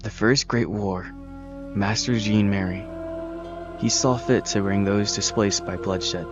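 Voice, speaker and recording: A starved bull-headed monster bound as a servant, speaking in solemn, obedient tones, as a man reads him aloud from a game. The low male voice is a little louder here, and the audio is dull with music behind it. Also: fairly even intonation, a little slow, close to an everyday voice. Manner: solemn, servile, plainly spoken.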